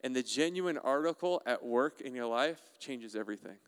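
A man preaching a sermon as a pastor, animated and playful, often putting questions to the congregation. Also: medium pitch, normal speed, clear, resonant tone. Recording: resonant voice with long hall reverb.

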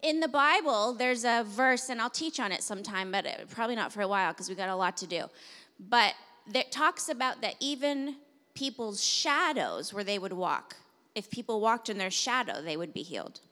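A young adult woman pastor preaching a sermon in a church, telling an animated story and then praying. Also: on the high side, normal speed. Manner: animated storytelling, laughing at times, then prayer. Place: church sanctuary. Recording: reverberant church hall.

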